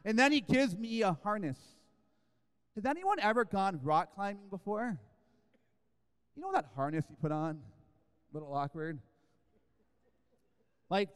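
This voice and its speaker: A man's voice: sits high, clear, resonant tone. A man preaching a sermon, telling a story in a humorous, self-deprecating, conversational way. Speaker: guest preacher. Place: church sanctuary. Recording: echoey church hall.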